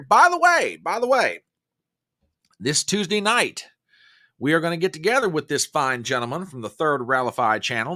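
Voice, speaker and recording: A man's voice: mid-range voice, sharp tone. A man hosting a casual live stream, chatting and joking and greeting viewers by name. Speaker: livestream host.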